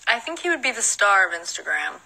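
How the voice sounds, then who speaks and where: A woman's voice: mid-range voice, sing-song, a little fast, creaky, pushed and bright, rough recording. A young woman with a Southern American accent, chatting on a livestream, reading out fan questions and answering them with frequent giggles. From Southern United States. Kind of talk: casual livestream Q&A. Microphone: phone.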